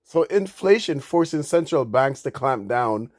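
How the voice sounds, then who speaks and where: A man commenting on the news. He reads news out, then reacts indignantly, stumbling into restarts and rising in pitch and volume when he gets angry. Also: lively intonation, normal speed, hardly any pauses, a little mellow, no echo, studio quality. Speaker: crypto commentator.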